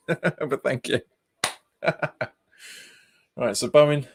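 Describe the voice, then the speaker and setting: A man's voice: fairly high pitch, expressive, drawn-out words, pauses often, a bit bright, breathy edge. A man, hosting a football watch-along stream, chatting casually, laughing often and reading out viewer comments. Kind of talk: casual live commentary and chat.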